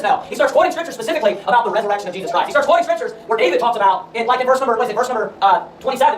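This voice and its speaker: Fast-talking preacher man in an echoey room. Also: sits high, fairly bright tone. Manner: emphatic, asks rhetorical questions. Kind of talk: sermon with scripture reading. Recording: roomy echo, far from the mic, faint room noise.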